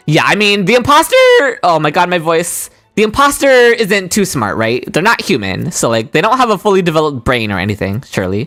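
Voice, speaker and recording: A woman streaming a game, chatting excitedly and voicing the characters' lines herself. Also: fairly low pitch, brisk, hardly any pauses, faint music behind. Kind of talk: game stream, reading dialogue aloud.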